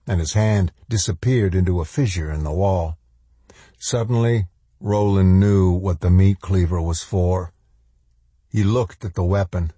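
A man narrating a novel in an audiobook with measured, even storytelling. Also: sits low, slightly rough, no room sound.

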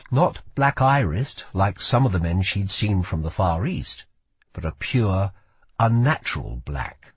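A man narrating an audiobook in expressive storytelling style. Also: medium pitch, husky, dry recording.

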